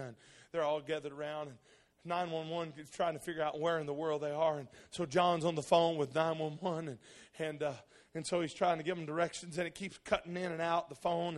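A man preaching a sermon, telling a story and building into loud, impassioned preaching. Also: fairly high pitch.

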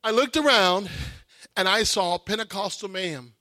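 High, bright-voiced male preacher. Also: normal speed, no echo, clean studio sound. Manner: emotional, animated storytelling, shouting at peaks. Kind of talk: sermon testimony.

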